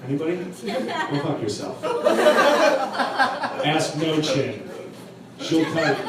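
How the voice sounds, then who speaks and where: A man's voice: a little high, lively intonation, slow, pauses often. A young man doing stand-up, telling a profane, rambling story to a live crowd. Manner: crude, profane, rambling anecdote with laughs. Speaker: stand-up comedian. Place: comedy club stage. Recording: very echoey live room from a distance, crowd ambience.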